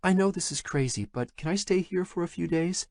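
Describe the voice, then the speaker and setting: A male narrator voicing a shy, frightened young woman who speaks softly and hesitantly in an audiobook. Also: sits high, a little fast, creaky, dry recording, studio quality, voice pushed up. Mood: anxious pleading. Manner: soft, pleading, hesitant. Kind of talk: audiobook character voice.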